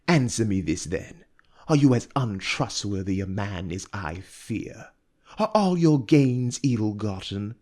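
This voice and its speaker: A man reading aloud and voicing a cold, calculating noblewoman who speaks slowly and quietly with open disdain. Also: fairly low pitch, lively intonation. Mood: scornful. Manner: slow, hushed, icy and disdainful.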